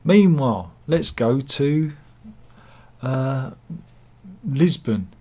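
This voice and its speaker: An Englishman delivers casual satirical news commentary over pictures he shows, packed with wry self-mockery and mock-dramatic quips. His medium-pitched voice is animated and darkish, and he speaks very slowly.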